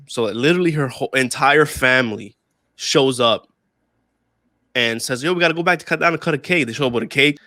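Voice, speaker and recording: A man's voice: mid-range voice, pushed and bright, dry recording, clean studio sound. A young man casually telling a story on a podcast, laughing often, swearing freely and repeating himself. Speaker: podcast co-host.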